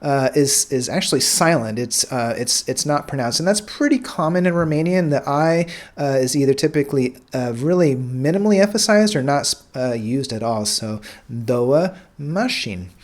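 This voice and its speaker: An American man teaching a casual language lesson in a relaxed way, filling pauses with "uh" and "all right" and repeating words slowly. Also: mid-range voice. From United States.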